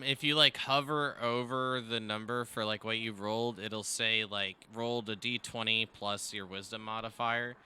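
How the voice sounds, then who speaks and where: A man's voice: fairly low pitch, sharp tone, a little hiss or hum. A man running a tabletop game as game master over voice chat, hesitant and full of fillers, laughing easily.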